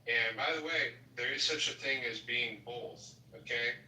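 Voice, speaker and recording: Man, host, emphatic lecturing tone, very bright voice, echoey and distant. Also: medium pitch, normal speed. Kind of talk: casual live audio chat. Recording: echoey, distant, faint noise.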